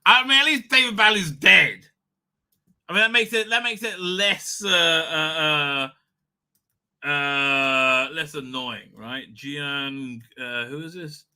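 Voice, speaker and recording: A man's voice: on the high side, slow, bright, forceful tone. A man hosting a live stream, rambling and ranting with lots of swearing and filler words. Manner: profane, ranting, many fillers. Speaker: livestream host.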